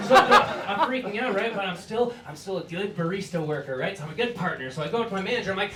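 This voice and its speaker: A young man performing stand-up on a club stage, his voice high and swinging widely in pitch. He talks in a self-deprecating, animated way and bursts into loud shouts. He sounds echoey and a bit distant from the mic, with noise in the room. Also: quick pace, a loud crowd. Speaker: stand-up comedian. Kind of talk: stand-up comedy set.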